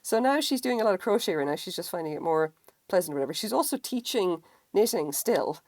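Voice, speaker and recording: Brief: tired, low-voiced woman on a craft live stream, rambling and self-mocking, swears casually, dry close sound. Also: expressive, fast, darkish tone, no echo. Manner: rambling, self-deprecating, acts out quotes in higher voices. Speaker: crochet streamer. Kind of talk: casual live-stream chat while crocheting.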